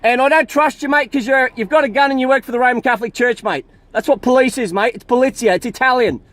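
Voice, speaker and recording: A man's voice: extremely high pitch, fast talker, fairly bright tone. An irate man with an Australian accent, arguing with police at the roadside and swearing heavily. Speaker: motorist stopped by police. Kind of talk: heated roadside argument. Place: outdoors by a road.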